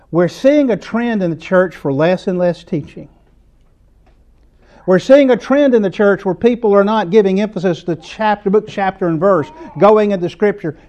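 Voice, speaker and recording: A man's voice: sits high, darkish tone, lo-fi sound. A man with a Southern US accent preaching a sermon in an earnest, conversational way, building to emphatic points.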